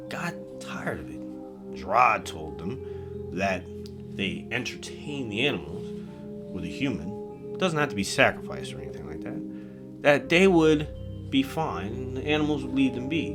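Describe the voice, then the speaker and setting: A man telling a horror-comedy story in a casual, rambling, offhand way, with some swearing. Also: lowish voice. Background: music.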